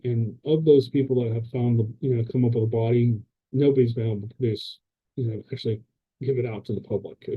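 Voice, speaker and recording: A man's voice: medium pitch, husky, phone-quality sound. Rambling man hosting a paranormal podcast. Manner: rambling, hesitant, many fillers and restarts. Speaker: podcast host. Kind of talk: casual talk to camera. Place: indoors at a camera.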